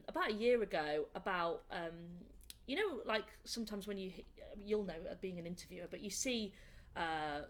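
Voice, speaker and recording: A young woman with a Northern English accent, a comedian chatting in a casual interview and telling animated, laughing stories. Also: on the low side, a little hiss or hum. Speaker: comedian guest. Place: indoor room.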